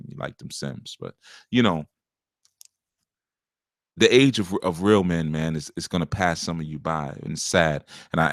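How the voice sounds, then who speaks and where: A man with a deep, rough, gravelly voice and a slight scratchiness up top, giving relationship advice as a spiritual teacher in a blunt, punchy, unscripted monologue. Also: no room sound, clean studio sound. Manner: punchy, forceful, lecturing.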